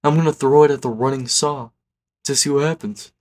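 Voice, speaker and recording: A man's voice: medium pitch, fairly even intonation, brisk, darkish tone, pitched above the performer's own voice, close to an everyday voice. Guy doing cocky teen boy troublemaker, slangy and laid back. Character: reckless teenage boy classmate, cocky troublemaker.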